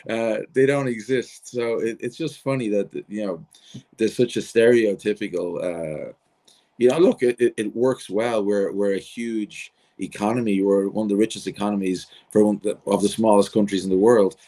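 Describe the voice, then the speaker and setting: A man's voice: fairly low pitch, steady tone, normal speed, warm tone. A man with an Irish accent, a guest hypnotist chatting on a podcast, rambling through anecdotes with restarts and chuckles. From Ireland. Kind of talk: casual podcast chat.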